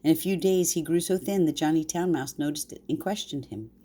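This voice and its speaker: An older woman reading a bedtime story aloud to her grandchildren in a warm, unhurried way. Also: sits low, slightly rough.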